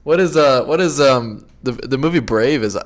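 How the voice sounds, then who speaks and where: A man's voice: mid-range voice, lively intonation, moderate pace. Chatty young man co-host. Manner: chatty, interjecting and joking. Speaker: podcast co-host. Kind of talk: casual chat.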